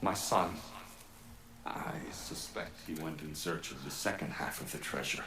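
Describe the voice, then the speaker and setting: A man's voice: rumbling low, measured pace, creaky, background noise, full character voice. An actor playing a desperate spectral man who begs for help finding his lost son, in formal, pleading words. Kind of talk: video game voice acting. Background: game music.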